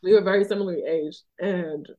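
Speaking a little fast with fairly even intonation, this lowish-voiced OB-GYN from Philadelphia chats earnestly on her podcast, peppering it with "like" and "you know." The sound is phone quality.

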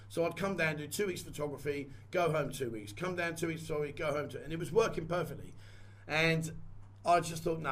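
A man vlogging a candid personal story in a rambling, conversational way and repeating phrases. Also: fairly high pitch. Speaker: vlogger and photographer.

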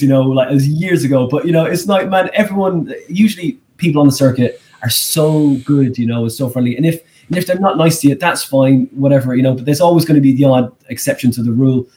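A man's voice: quick pace, few pauses. Rambling Irish man telling stories. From Ireland. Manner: animated, rambling storyteller with pitch leaps. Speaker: guest comedian. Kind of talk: casual storytelling in a podcast interview.

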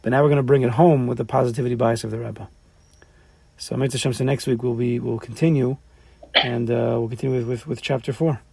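A man's voice: medium pitch, fairly even intonation, quick pace, vocal fry, a little mellow, slightly rough, no room sound. A man teaching a class, talking animatedly and firing off rhetorical questions. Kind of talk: lively class lecture.

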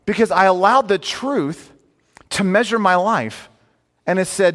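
A man's voice: high-pitched, a little slow, pauses often, a bit bright, in a large hall. A man preaching a sermon as a pastor, conversational and emphatic, with many rhetorical questions.

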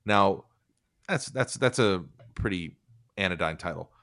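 A man's voice: sits low, lively intonation, unhurried, a bit bright, dry recording, clean studio sound. A man hosting a casual podcast chat, rambling and sardonic, swearing freely as he reads from and mocks an article.

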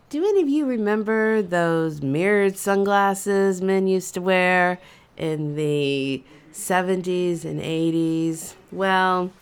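A woman in her fifties hosts and tells a funny story from her own past. She talks in an animated, conversational way. Her delivery is dramatic, with sudden loud bursts between quieter asides. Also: fairly low pitch. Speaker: storyteller host. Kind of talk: comedic personal storytelling.

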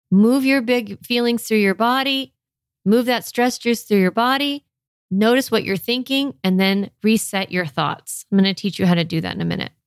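A woman hosting a parenting podcast, coaching parents in a lively way and acting out the voices of stressed parents. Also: fairly high pitch, no room sound, studio quality. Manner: animated, acts out quoted parent voices.

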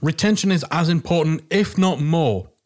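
A man's voice: fairly high pitch, moderate pace, a little mellow. A man with a Geordie accent hosting a business podcast, talking in a chatty, emphatic, self-deprecating way. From Northeast England. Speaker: podcast host. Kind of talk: casual podcast monologue.

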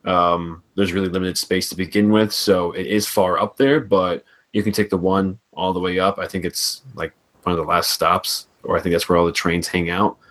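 A man's voice: sits low, fairly even intonation, moderate pace, few pauses, a bit bright. A man co-hosting a casual podcast chat, explaining in an easygoing way and hedging often. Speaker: podcast co-host.

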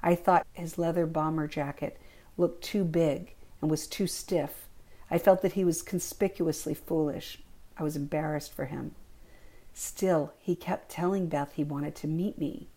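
A woman reading her own memoir aloud in a calm, reflective first-person narration. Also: sits low, measured pace.

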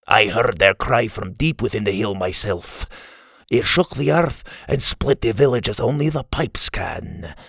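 A man's voice: on the low side, lively intonation, unhurried, creaky, a bit bright, breathy edge, no echo, studio quality, exaggerated voice. A man voicing an old fisherman who warns ominously. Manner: ominous, warning tone. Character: gruff old Scottish fisherman, warning.

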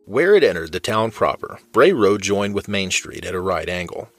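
Deep husky male narrator. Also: soft background music. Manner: steady, measured storytelling. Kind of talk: audiobook fiction narration.

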